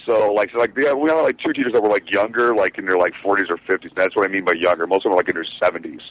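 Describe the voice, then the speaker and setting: A man's voice: sits low, steady tone, very fast, a bit bright, no room sound, muffled recording. A man who drives trucks, telling a rambling, profane story in casual podcast chat, with lots of fillers. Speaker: truck driver, show regular.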